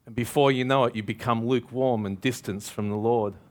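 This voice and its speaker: A man's voice: medium pitch, steady tone, fairly quick. A man preaching a sermon, emphatic and calling out questions to the congregation.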